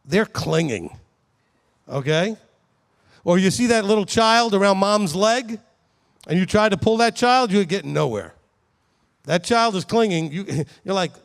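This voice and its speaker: A man's voice: high voice, animated, measured pace, gravelly, long pauses. A man giving a conversational Bible teaching to a congregation, asking the audience questions as he goes. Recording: long hall reverb.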